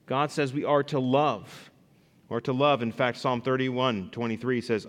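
Man preaching in an echoing hall. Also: a little slow. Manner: animated preaching, rising loud for emphasis and dropping low to read scripture. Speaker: pastor. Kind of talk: sermon. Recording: long reverb in a large hall.

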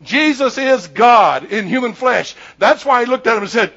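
A man's voice: very high-pitched, expressive, brisk, hardly any pauses, sharp tone, slightly rough, muffled recording. A man in his sixties, a pastor preaching a sermon in an emphatic, repetitive, conversational way.

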